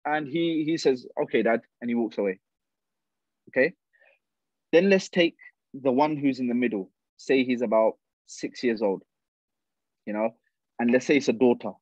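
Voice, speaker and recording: A man's voice: mid-range voice, moderate pace, pauses often, darkish tone, no echo. A man giving an earnest religious talk to young people. He repeats key phrases and speaks directly to his listeners. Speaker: youth speaker. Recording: dull, dry recording.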